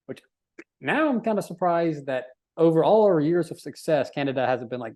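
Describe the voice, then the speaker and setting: A man's voice: a little high, expressive, normal speed, warm tone. Casual joking male podcast co-host. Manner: joking, swears casually, laughs often.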